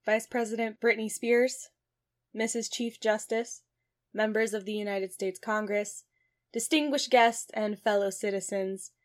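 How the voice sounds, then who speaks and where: A woman's voice: medium pitch, steady tone, a little slow, close to an everyday voice. A woman playing a pompous new president. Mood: mock-solemn. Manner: mock-solemn inauguration speech.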